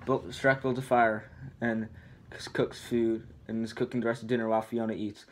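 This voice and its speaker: A man's voice: medium pitch, little pitch movement, normal speed, a little hiss or hum. A man in a casual amateur script reading, reading stage directions in a drowsy, mumbling way with slips and restarts. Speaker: video maker.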